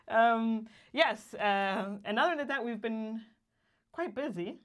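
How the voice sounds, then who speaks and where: A woman's voice: on the high side, expressive, slow, fairly bright tone. A young woman from Guatemala co-hosting a casual livestream, reading viewer greetings aloud and laughing often. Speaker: co-host of a livestream.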